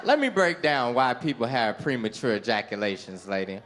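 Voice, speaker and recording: A man's voice: medium pitch, normal speed, slight background noise. A middle-aged man performing a stand-up comedy set on a club stage into a handheld mic, telling stories and acting out voices. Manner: animated storytelling with acted-out voices.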